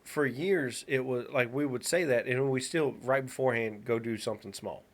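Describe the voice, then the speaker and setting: A man's voice: mid-range voice, normal speed. A man in his thirties, a podcast co-host, chatting casually and telling a long story with many restarts. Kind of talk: casual chat.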